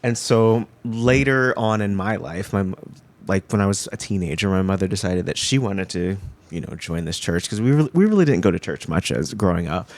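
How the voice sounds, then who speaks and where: Measured man with a lowish voice. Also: lively intonation. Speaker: panel guest. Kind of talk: personal storytelling on a panel.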